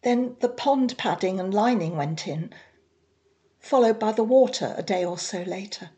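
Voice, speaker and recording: A woman reading a story aloud in a measured, plain storytelling manner. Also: mid-range voice, lively intonation, dark tone. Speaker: reader. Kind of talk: audiobook narration.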